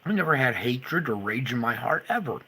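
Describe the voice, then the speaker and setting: A man ranting furiously to camera, swearing and swinging between loud outbursts and low muttering. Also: big pitch swings, a little fast, breathy edge. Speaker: video creator. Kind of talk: angry monologue to camera.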